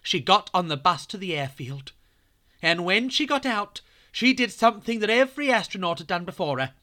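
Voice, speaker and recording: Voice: medium pitch, big pitch swings, normal speed, sharp tone. A children's podcast host, telling a true story in a playful way and speaking straight to young listeners.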